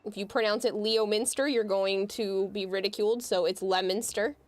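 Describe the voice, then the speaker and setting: A woman's voice: medium pitch, steady tone, moderate pace, no echo. A woman, chatting casually on a livestream and explaining with amused laughs.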